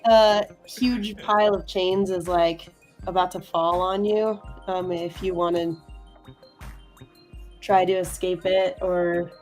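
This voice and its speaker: A woman runs a tabletop game as game master, talking slowly and hesitantly as she searches for her words and fills the gaps. Her pitch sits in a middle range, and faint music plays in the background. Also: fairly even intonation, a little mellow. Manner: hesitant, many fillers.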